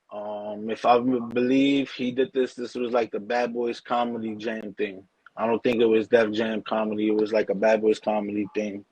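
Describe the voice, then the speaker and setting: A man's voice: medium pitch, a little mellow, slightly rough, no room sound, rough recording. A man hosting a podcast, chatting casually with loose slang and lots of "bro". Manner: loose slang-heavy talk, calls listener bro. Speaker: podcast host. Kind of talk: casual chat.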